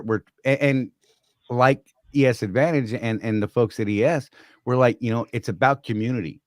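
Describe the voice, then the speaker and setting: A man's voice: medium pitch, no echo. Earnest chatty male co-host, dry sound. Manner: earnest, repeats and restarts words. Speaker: podcast co-host. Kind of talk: casual chat.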